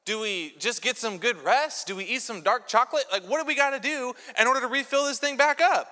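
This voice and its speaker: A man preaching a sermon as pastor in a church, telling lively jokey stories with props. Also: extremely high pitch, brisk, few pauses. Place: large church sanctuary. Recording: long church hall reverb.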